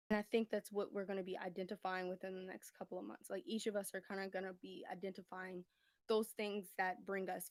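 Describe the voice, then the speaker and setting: A woman's voice: medium pitch, a little mellow, no room sound. A woman doing a casual live-stream tarot reading from home, a little out of breath, rambling and laughing as she checks whether viewers can hear her. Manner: rambling, chatty, laughs often, keeps asking if heard. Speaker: livestream tarot reader. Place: home room, indoors. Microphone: phone.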